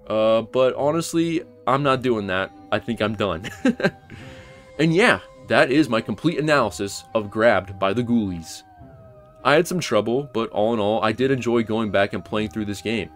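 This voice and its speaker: A young man talks through a game analysis in a casual, blunt way, at a pitch that sits in the middle for a man. Faint music plays quietly behind his voice. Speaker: gaming YouTuber. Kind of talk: casual game analysis narration with live play reactions.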